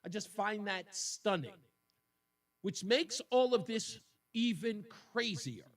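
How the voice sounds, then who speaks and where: Male talk radio host, high-pitched, indignant and emotional, a little off mic. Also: expressive, takes it slowly, recorded from a distance. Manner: indignant, emotional, repeats points for emphasis.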